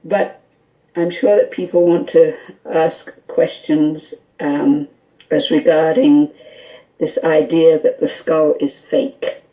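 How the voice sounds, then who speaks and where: A woman guest on a call-in radio show, telling an animated story full of quoted dialogue and small laughs. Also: sits low, takes it slowly, dull audio. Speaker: guest, skull interpreter.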